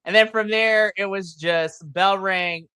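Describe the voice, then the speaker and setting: A man co-hosting a wrestling podcast, chatting casually and excitably, swearing and acting out his reactions. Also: sits high, clean tone, no room sound. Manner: excitable, swears, animated retellings with shrieks and laughs. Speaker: podcast co-host. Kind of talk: casual wrestling recap chat.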